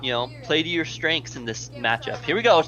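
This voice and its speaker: A man's voice: a little high, expressive, brisk, pushed and bright, muffled recording, faint music behind. Chatty american man calling air hockey. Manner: rambling, chatty, thanks donors between plays. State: nearly losing his voice. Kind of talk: live stream play-by-play commentary.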